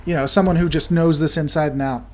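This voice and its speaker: A high-pitched man talks loosely as he hosts a game stream. He reads out viewer comments and jokes around as he plays. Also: fairly even intonation, fast talker, a little mellow. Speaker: livestream host. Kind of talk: casual chat while gaming.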